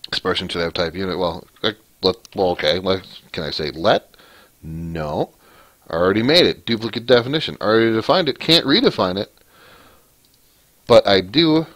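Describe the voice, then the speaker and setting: A man's voice: low voice, animated, normal speed, pauses often, a bit bright, no room sound. A man hosting a casual screencast coding lesson, thinking aloud as he types, rambling and often correcting himself. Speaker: programming tutorial host.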